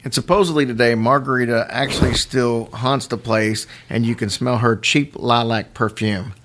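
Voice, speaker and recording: A man hosting a podcast, telling a story in casual chat with lively asides and chuckles. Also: medium pitch, slight background noise. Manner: animated, quick asides and chuckles. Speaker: podcast host.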